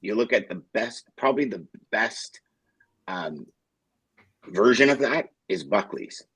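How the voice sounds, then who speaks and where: A man's voice: lowish voice, animated, a little slow, fairly bright tone, slightly rough, no room sound, poor audio. A man co-hosting a sales morning show, joking in plain-spoken, emphatic casual chat.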